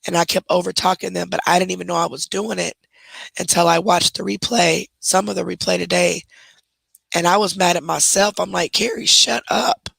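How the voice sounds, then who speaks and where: A woman hosting a livestream in casual chat, hoarse with her voice nearly gone, talking straight to her viewers and moderators. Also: lowish voice, flat delivery, a little fast, fairly bright tone, no echo, rough recording. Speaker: livestream host.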